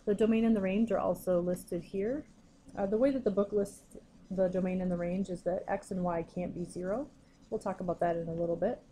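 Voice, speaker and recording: Woman math teacher, patient explainer, mellow tone, faint hiss behind. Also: lowish voice, steady tone, a little fast, rough recording. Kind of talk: recorded classroom lesson.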